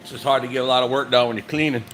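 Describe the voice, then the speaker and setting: A man's voice: medium pitch, steady tone, very fast, fairly bright tone. A man hosting a live stream from his truck repair shop, chatting casually and reading viewer comments aloud. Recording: echoey shop with machine hum.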